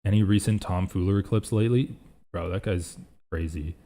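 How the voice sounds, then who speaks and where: A man's voice: sits low, normal speed, mellow. A young man hosting a casual live reaction stream, rambling and thinking aloud as he reads chat.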